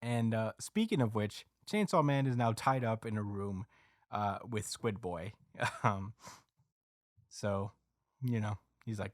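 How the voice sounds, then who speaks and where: Low-voiced guy rambling through a recap, lots of uhs, dry close mic. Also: slow, no room sound. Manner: rambling, with many fillers and acted quotes. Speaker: podcast host recapping a manga chapter. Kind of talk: casual chat.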